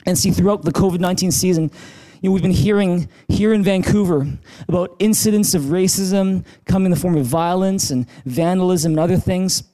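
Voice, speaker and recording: In a Vancouver church, a male pastor delivers an animated sermon, often restarting words and putting questions to the congregation. His voice sits high and moves a little fast.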